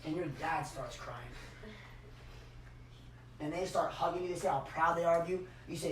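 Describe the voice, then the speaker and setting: A man giving a motivational speech and leading a guided visualization, swinging between shouted hype and hushed emotional moments. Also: on the high side, moderate pace, pauses often, roomy sound, recorded from a distance, a little hiss or hum, low-quality recording. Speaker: motivational speaker.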